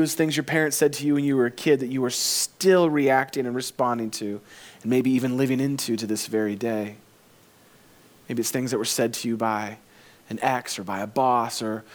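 A man in his forties preaching a sermon as a pastor, conversational and joking, often repeating phrases. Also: medium pitch.

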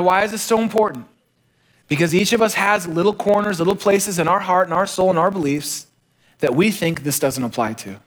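Conversational pastor preaching. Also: male voice, on the high side, a bit bright. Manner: conversational, storytelling, varied emphasis. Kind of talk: sermon.

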